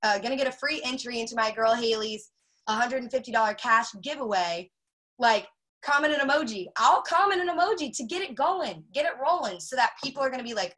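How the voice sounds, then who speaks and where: Bright, animated woman sales trainer. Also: on the high side, a little fast, poor audio. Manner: chatty, animated, acts out sales chats in quotes; frequent filler words. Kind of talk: casual training talk.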